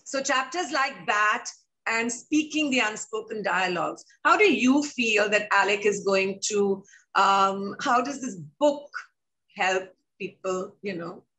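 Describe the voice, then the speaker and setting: A woman's voice: mid-range voice, lively intonation, slow, sharp tone, rough recording. A woman hosting a book launch, chatty and sprinkling her questions with "you know".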